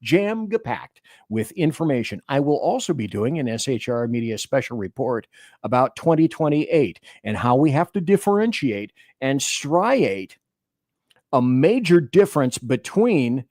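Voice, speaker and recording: A man's voice: fairly high pitch, a little mellow, no room sound, studio quality. Emphatic male political radio host. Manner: emphatic, opinionated, reads articles and chat aloud. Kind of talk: political commentary.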